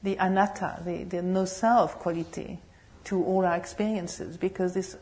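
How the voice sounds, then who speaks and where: A Buddhist nun giving a dharma talk, telling humorous, animated stories. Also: female voice, lowish voice, moderate pace. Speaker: Buddhist nun and meditation teacher.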